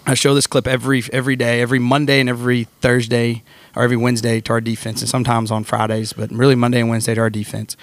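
A man, a football coach guest, telling animated stories in casual podcast chat. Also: medium pitch, racing, hardly any pauses, no echo. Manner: storytelling, animated, acts out quotes. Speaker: football defensive coordinator guest.

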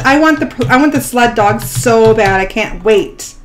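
Excitable high-voiced woman gaming host. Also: normal speed, faint music behind. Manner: gasping and squealing with delight. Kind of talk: excited gameplay vlog narration.

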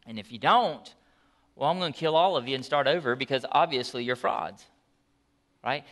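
A man preaching a sermon as pastor, telling the story in an animated, conversational way with asides. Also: high voice.

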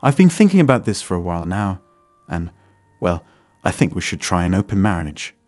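A man's voice: low-pitched, very animated, a little fast, darkish tone, no echo, soft background music. A man voicing a restless young wife who is earnestly and defensively arguing for an open marriage. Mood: pleading.

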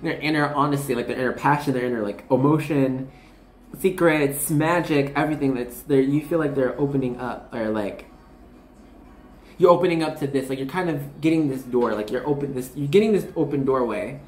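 Brisk and very deep-voiced with a darkish tone, a twenty-something tarot reader rambles casually through a reading for her viewers, full of fillers, bubbly asides and self-interruptions. The sound is roomy with a little hiss or hum.

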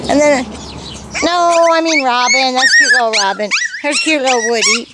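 A woman's voice: sits high, sing-song, unhurried. A middle-aged woman breeding puppies, chatting casually on a home video and cooing in baby talk to the litter. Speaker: puppy breeder. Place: indoors inside a puppy exercise pen. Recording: loud background noise with barking dogs.

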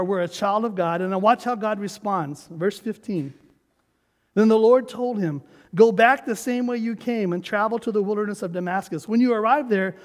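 Emphatic high-voiced pastor preaching. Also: male voice. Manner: emphatic, urges the congregation to repeat after him. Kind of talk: sermon. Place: church sanctuary. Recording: long hall reverb of a church sanctuary.

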